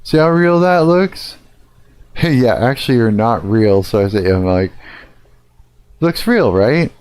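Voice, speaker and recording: A man's voice: fairly low pitch, fairly even intonation, a little slow, darkish tone, smooth. A middle-aged man ranting casually on a live stream, swearing a lot and rambling with fillers.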